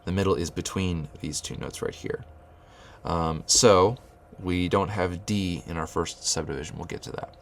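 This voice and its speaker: Man, music lesson, very low voice, counts beats aloud, faint room hiss. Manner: measured, stops to restart phrases, chants counting syllables. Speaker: music teacher. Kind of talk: explaining rhythm and counting aloud.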